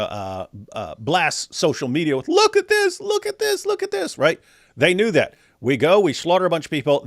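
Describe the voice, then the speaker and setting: A man co-hosting a live stream talks in a casual, emphatic way at a middle pitch. He repeats key phrases and sometimes mocks other people in a put-on voice. The sound is dry and close to the mic. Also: dry recording. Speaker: co-host of a live talk stream.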